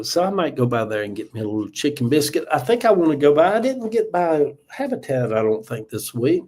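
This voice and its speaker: A man's voice: a little high, a little mellow. A man in his seventies with a Southern US accent, chatting casually and folksily on a morning livestream, laughing often. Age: 70s. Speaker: livestream host. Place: home.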